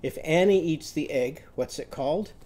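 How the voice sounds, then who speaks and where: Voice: medium pitch, normal speed, dark tone, a little hiss or hum. A literacy teacher giving a children's lesson, explaining sounds in a patient, step-by-step way.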